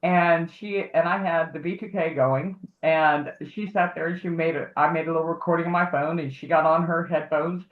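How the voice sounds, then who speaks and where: A woman's voice: sits low, steady tone, moderate pace, hardly any pauses. Rambling woman on a tinny, echoey line. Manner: rambling storyteller who acts out quoted voices. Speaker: guest, advocate for harassment victims. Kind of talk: casual livestream talk. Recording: tinny phone-like echoey audio.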